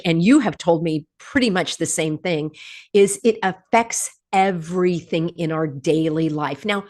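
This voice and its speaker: Host: American woman, lowish voice, snarky and animated with viewers. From United States. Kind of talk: livestream monologue.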